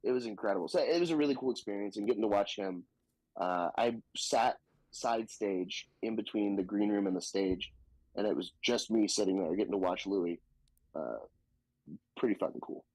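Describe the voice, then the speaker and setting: A Southern US man, a stand-up comic, spins stories in a relaxed podcast conversation, lively and foul-mouthed, often dropping into quoted voices. His voice sits on the low side at a moderate pace. The recording is dry and the audio quality poor.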